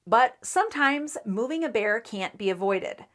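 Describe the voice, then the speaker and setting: A woman reporter reading a local news story in a measured, even newsreader delivery. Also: a little high. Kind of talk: scripted news narration.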